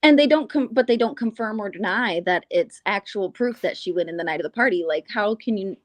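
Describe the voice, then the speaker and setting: A woman's voice: mid-range voice, lively intonation, brisk. A woman guest on a casual true-crime chat, agreeing readily and laughing easily.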